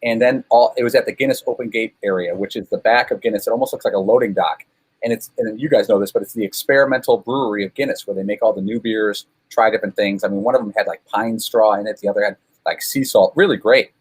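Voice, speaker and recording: A man from Chicago speaks as a guest, his voice husky and sitting a little low. He tells long, rambling stories with a self-deprecating streak. He leans on plenty of fillers as he goes. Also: fast talker, poor audio. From Chicago, USA. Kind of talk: casual storytelling over a call.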